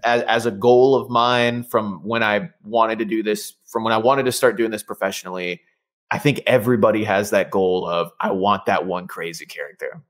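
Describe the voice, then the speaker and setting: Relaxed man chatting in an interview. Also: lowish voice, moderate pace. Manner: relaxed, rambling, many fillers and restarts. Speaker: voice actor guest. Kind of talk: casual interview chat.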